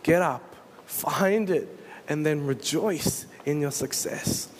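A man's voice: a little high, takes it slowly, a little hiss or hum. A male pastor, preaching a sermon and retelling a story with earnest storytelling. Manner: earnest storytelling, dramatizes scenes.

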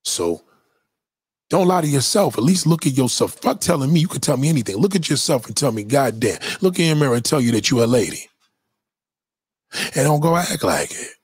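A man with a husky voice holds forth on his livestream, emphatic and preachy, swearing freely. The sound is close and dry, with no room around it. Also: on the high side, sing-song, a little fast, no room sound. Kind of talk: casual livestream monologue.

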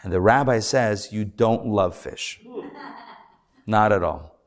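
A rabbi teaching a live class, telling stories in a lively, animated way with playful asides. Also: male voice, lowish voice, slow.

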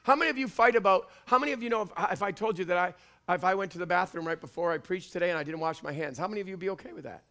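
A man from Canada with a Canadian accent, preaching a fiery sermon in church and often shouting. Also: high voice, very fast. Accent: Canadian English. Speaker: pastor. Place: church before a congregation.

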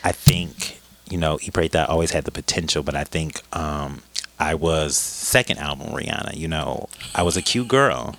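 A man co-hosting a podcast in casual chat, loud and playful, swearing freely and yelling at times. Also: a bass voice, moderate pace, vocal fry, dry recording. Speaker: podcast co-host.

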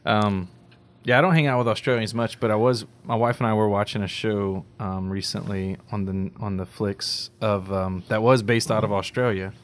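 A man from Louisiana who serves as a deacon, joking in a relaxed chat and often pausing with "um". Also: on the low side. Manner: friendly, joking, with frequent "um". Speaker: deacon, guest co-host. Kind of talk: casual chat.

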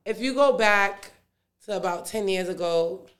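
A woman, a rapper and proud mother, telling stories in a casual radio interview, animated and quick to laugh. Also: medium pitch. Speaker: rapper and mother of guest artist.

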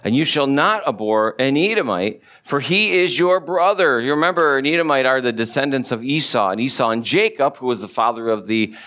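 A man preaching a sermon as pastor, talking in a relaxed conversational way and putting questions to his listeners. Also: mid-range voice, fairly quick, hardly any pauses. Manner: conversational, asks the congregation questions.

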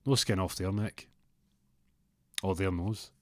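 A man's voice: low voice, takes it slowly, a little mellow, no echo, studio quality. A man voicing a streetwise man who deals in stolen goods, blunt and matter-of-fact. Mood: boastful.

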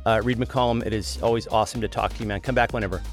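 A man's voice: fairly low pitch, racing, soft background music. Chatty male podcast host. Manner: relaxed, chatty, repeats words. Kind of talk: casual interview.

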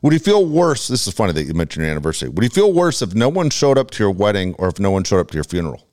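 A man in casual banter, tossing in quick wisecracks and short questions. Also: on the low side, sing-song, darkish tone, dry recording, studio quality.

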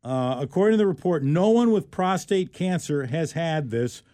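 A male talk-radio co-host with a slightly higher voice tells a strange news story in a loose, joking way, stumbling and restarting as he goes. His voice is picked up close and dry, with no room sound. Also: lively intonation, moderate pace, dark tone, no echo. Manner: rambling, restarts often, joking. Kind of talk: casual talk radio banter.

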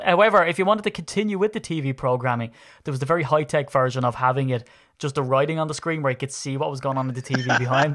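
Male podcast host, animated and jokey banter. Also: medium pitch. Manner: chatty, laughing, animated banter. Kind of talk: casual sports podcast chat.

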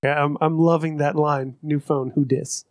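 A man's voice: fairly high pitch, level tone, moderate pace, dry recording, clean studio sound, faint music behind. A man co-hosting a podcast, teasing the others with laughter and plenty of swearing. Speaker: podcast co-host. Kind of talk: crude casual banter.

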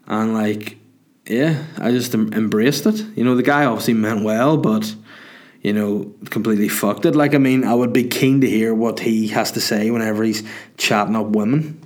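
A man with a lowish voice and fairly even intonation talks at a moderate pace. He's a comedian telling a story in a casual monologue, chatty and self-mocking, and he swears freely.

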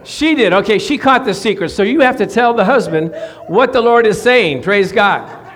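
A man preaching a casual, lively sermon in a high voice, tossing questions to the people in front of him and chuckling as he drives each point home. He speaks in an easy, conversational way rather than a formal pulpit tone. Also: normal speed. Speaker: pastor. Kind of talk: sermon to a small congregation.

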